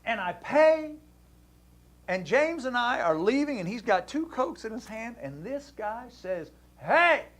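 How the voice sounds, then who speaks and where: Male talk host, high and lively, animated storyteller who acts out each voice. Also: unhurried. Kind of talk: casual storytelling to a caller.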